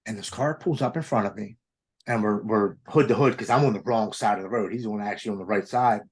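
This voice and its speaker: A man's voice: lowish voice, quick pace, a little mellow, slightly rough. A man in his forties from Maryland, telling an emotional personal testimony as an interview guest and quoting his own past thoughts aloud. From Maryland, United States.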